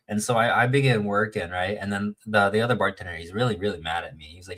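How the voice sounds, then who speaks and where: A man's voice: on the low side, fast talker, a bit bright. A man telling a long story in casual chat, rambling with many fillers and restarts and acting out the quoted lines.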